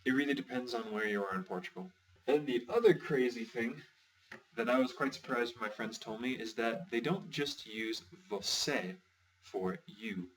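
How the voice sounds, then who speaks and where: A man's voice: medium pitch, moderate pace. A man teaching a language lesson in a chatty, explanatory way, with light jokes. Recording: distant from the mic.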